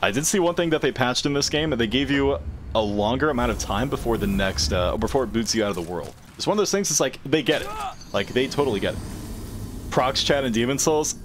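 A man's voice: mid-range voice, lively intonation, quick pace, background noise. A man giving casual gameplay commentary as a streamer, joking and swearing freely. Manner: profane, joking trash talk. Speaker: gaming streamer.

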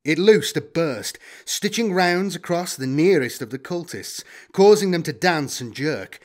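A man narrating a sci-fi action story in a dramatic, expressive style. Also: on the high side, a little slow. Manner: expressive, lively delivery. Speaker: audiobook narrator.

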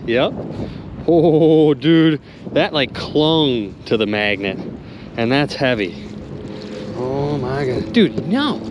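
An excitable man calls out to his viewers from a small boat on a river, his voice swinging up and down as he reacts. He talks in a loose, casual way. Faint noise from the water and boat sits behind him, picked up by a camera mic. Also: medium pitch, slow, pauses often. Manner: excitable, loud exclamations, addresses viewers as you guys and dude. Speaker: magnet fishing vlogger. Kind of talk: excited outdoor vlog commentary.

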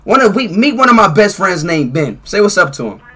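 A man in a game chat, excitable, yelling and repeating himself. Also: high-pitched, brisk. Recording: crowd of players behind.

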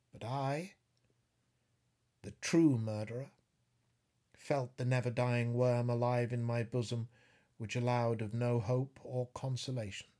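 A middle-aged man narrating a classic novel, grave and measured, rising to fierce declamation in anguished passages. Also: mid-range voice, darkish tone. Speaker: audiobook narrator. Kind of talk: dramatic literary reading.

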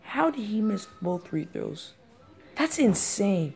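A woman giving casual live reaction commentary on a sports game, excitable and slangy, repeating her exclamations. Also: medium pitch, slow, vocal fry, faint music behind.

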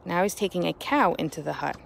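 A woman's voice: lowish voice, expressive, fast talker, vocal fry, slight background noise. A woman teacher giving a chatty, encouraging morning message to her students, talking to the children directly from outdoors on her home porch.

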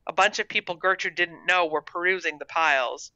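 Bright, dry storybook narrator. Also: medium pitch, a little fast, dry recording, dull audio. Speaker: author reading own short story.

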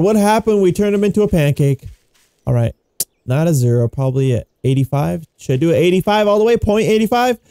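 A man giving casual gameplay commentary, excitable and giggly, with frequent exclamations. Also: on the high side, creaky, no echo, studio quality. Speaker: gaming YouTuber.

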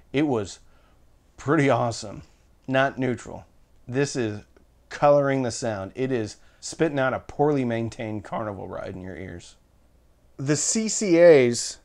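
A man's voice: mid-range voice, a little mellow. A man giving a casual, chatty product review of budget earphones, with offhand asides and jokes. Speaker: audio gear reviewer.

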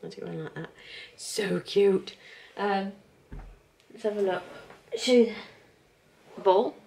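A woman's voice: medium pitch, takes it slowly, gravelly, a little mellow. A woman in her thirties chatting casually at home in a rambling, cheerful vlog, laughing often. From England. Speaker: vlogger.

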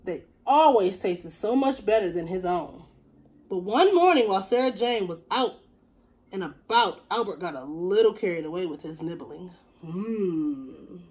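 A woman teacher reading a picture book aloud to young children in an expressive storytelling voice. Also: mid-range voice, moderate pace, poor audio.

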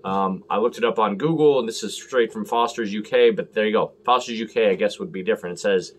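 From the Los Angeles area, a man hosts a laid-back beer review vlog, rambling and cracking jokes while often fumbling and starting over. He talks quickly in a fairly low voice.

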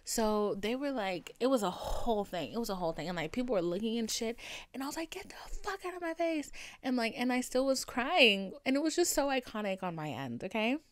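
Expressive young woman telling a story. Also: fairly high pitch, brisk, dry recording. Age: 20s. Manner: expressive, swings between hushed near-whispers and loud outbursts; profane and emphatic. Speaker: podcast host. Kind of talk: casual confessional storytelling.

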